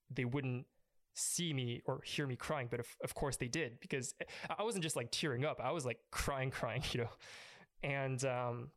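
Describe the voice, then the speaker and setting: A young man earnestly recounting an emotional personal story as an interview guest. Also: mid-range voice. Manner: earnest, emotional, with frequent restarts.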